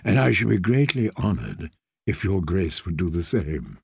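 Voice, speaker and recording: A man reading an audiobook, voicing a courteous young knight in a lowered, soft, deferential voice. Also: sing-song, moderate pace, creaky, husky, no room sound, full character voice.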